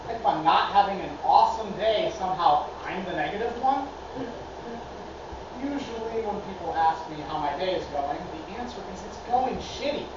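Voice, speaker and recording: An actress playing a grieving daughter, telling a story in a wry, deadpan comic stage monologue. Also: female voice, lowish voice, normal speed, natural voice. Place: theatre stage. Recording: echoey hall, far off, dull, noisy.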